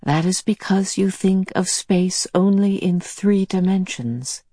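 A woman voicing a kindly, motherly otherworldly woman who gently reassures and explains. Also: medium pitch, slow, breathy edge, no echo, studio quality. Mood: reassuring.

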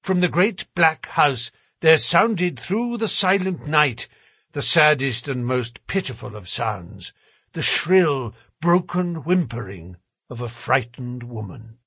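A man narrating a story aloud in an expressive, dramatic storytelling manner. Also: on the high side, slow pace, husky, dry recording. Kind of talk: audiobook narration. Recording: dry close recording.

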